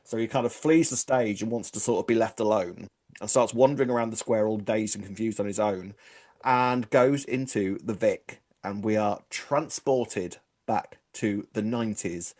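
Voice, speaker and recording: A man's voice: lowish voice, moderate pace, a little mellow. Chatty man gushing as a fan. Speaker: podcast co-host. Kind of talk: casual chat.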